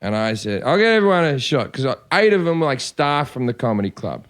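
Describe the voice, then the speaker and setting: A man's voice: medium pitch, very animated, fast talker, fairly bright tone. A man telling rambling, self-deprecating stories on a casual podcast, swearing freely. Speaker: podcast host. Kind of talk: casual storytelling chat.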